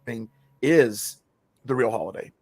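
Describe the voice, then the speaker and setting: A middle-aged man talking on a podcast in an excited, preachy motivational way. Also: mid-range voice, a little slow, husky. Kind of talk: casual podcast chat.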